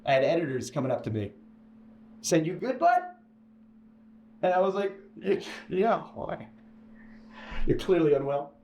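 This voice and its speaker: A man telling a personal story as an interview guest, full of stammered restarts and sudden jumps into a high, animated voice. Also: normal speed, pauses often, dull audio. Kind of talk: casual storytelling. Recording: echoey room with faint ambience.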